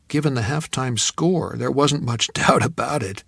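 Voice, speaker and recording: A man reading a novel aloud in measured, reflective first-person narration on a studio mic. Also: mid-range voice, creaky, a bit bright, slightly rough, dry recording. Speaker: audiobook narrator.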